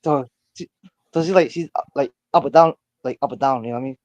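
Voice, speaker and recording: A man's voice: mid-range voice, fast, darkish tone, no room sound. A man calling in, telling a story casually in a rambling way, full of fillers and stammered repeats. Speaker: caller.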